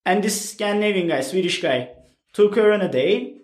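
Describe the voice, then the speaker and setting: A young man from Turkey telling stories as a podcast guest in casual chat, animated and ending lines with a questioning "right?". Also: high-pitched, moderate pace. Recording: echoey room.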